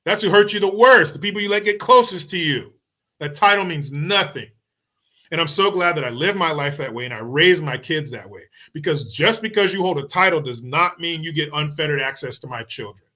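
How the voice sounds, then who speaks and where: A man's voice: on the high side, lively intonation, fairly quick, sharp tone. A middle-aged man hosting a show, giving blunt, profane and heated political commentary. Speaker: show host.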